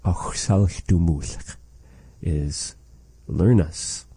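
A man leads a language lesson in an unhurried, methodical way, repeating each phrase and then explaining it. His voice is low and very dark, and the recording is dry and close. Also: breathy edge, no room sound. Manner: repeats phrases slowly and explains them carefully. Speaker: language teacher. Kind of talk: slow, patient language lesson.

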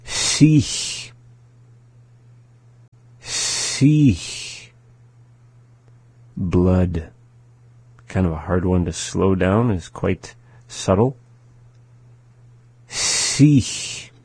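Slow, deep-voiced male language teacher. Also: steady tone, dark tone, slightly rough, dry recording. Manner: slow, patient, repeats words twice.

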